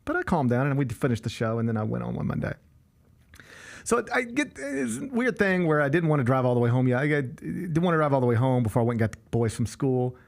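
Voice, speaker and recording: A man's voice: mid-range voice, fast, creaky. A man hosting a show, telling an exasperated story in casual chat and acting out the people in it. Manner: animated, exasperated, acts out the people in his stories. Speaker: show host.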